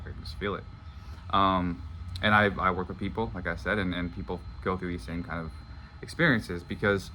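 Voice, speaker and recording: A man's voice: low-pitched, pushed and bright, a little hiss or hum. A young man telling a personal story to his viewers in a casual, rambling way, filling his talk with "like". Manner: casual, rambling, heavy use of "like". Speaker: manifestation coach.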